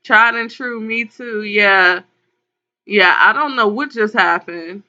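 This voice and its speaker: A woman with a medium-pitched, sharp-toned voice speaks slowly while hosting a live tarot call-in stream. She reads viewer comments aloud and talks to her audience in a concerned, casual way, using pet names. The audio is dull, lo-fi stream sound.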